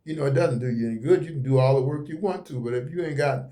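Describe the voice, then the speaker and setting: A man's voice: medium pitch, quick pace, dark tone. Rambling folksy man reading tarot. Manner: rambling, folksy, repeats himself. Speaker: tarot reader. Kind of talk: casual tarot reading video. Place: indoors at a table with cards laid out.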